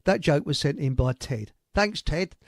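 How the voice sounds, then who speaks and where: Older male host, slightly high voice, dry close sound, rambling joker. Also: animated, unhurried, vocal fry, dry recording. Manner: rambling joke-telling, chuckles at his own stories. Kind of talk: casual chat on a live internet talk show.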